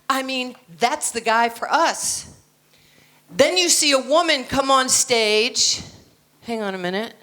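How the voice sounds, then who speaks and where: On an indoor conference stage, an American woman in her sixties delivers a motivational keynote in a high, pushed, bright voice at a slow pace. She's blunt and confident, dropping in joking asides.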